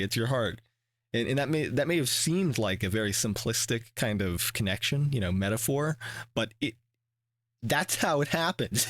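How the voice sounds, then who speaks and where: A man hosting a reaction video, talking in a casual, rambling way with many restarts and fillers, and swearing when he gets animated. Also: mid-range voice, normal speed, no echo. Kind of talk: casual reflective commentary.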